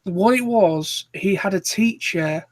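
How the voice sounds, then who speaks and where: A man's voice: high voice, slow, no echo. A man with a Yorkshire accent chatting casually in an online group call, rambling and digressing as he talks. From Yorkshire, England. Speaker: live chat co-host.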